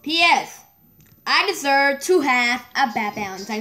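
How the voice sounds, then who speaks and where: Slow, high-voiced woman chatting while gaming. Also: expressive, bright, forceful tone, slight background noise. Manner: chatty, easily exasperated, talks to herself. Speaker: gaming video creator. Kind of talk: casual running commentary while gaming. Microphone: phone microphone.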